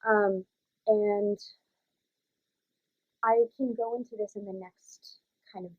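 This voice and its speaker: A young woman teaching young children vocal warm-ups in a casual, chatty way, with many fillers. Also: mid-range voice, steady tone, takes it slowly, no room sound. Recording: dry, phone-like audio.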